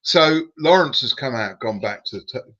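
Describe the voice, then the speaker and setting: Storyteller, bright and forceful tone, cheeky and profane, dull lo-fi sound. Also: male voice, medium pitch, normal speed. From Britain. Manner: cheeky, swearing, relaxed storytelling. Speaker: former racing driver telling stories. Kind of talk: casual anecdote on a live stream. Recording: dull lo-fi recording.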